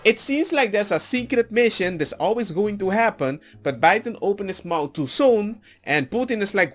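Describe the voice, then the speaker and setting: A man giving a rambling, animated political rant with mocking asides. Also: sits high, normal speed, few pauses. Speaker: political commentator. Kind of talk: ranting commentary.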